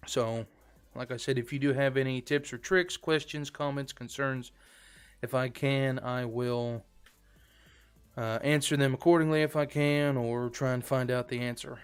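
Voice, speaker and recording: A man's voice: medium pitch, fairly even intonation, unhurried, clear, resonant tone. A man streaming a game live, chatting casually to viewers in a rambling, filler-heavy way. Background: faint background music.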